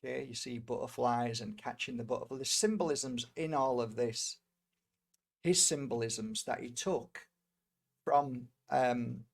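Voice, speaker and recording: A man's voice: mid-range voice, a little slow, vocal fry. A middle-aged man from Britain, an energy healer, telling a personal story in a rambling way, with many fillers and restarts. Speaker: energy healer and tarot reader.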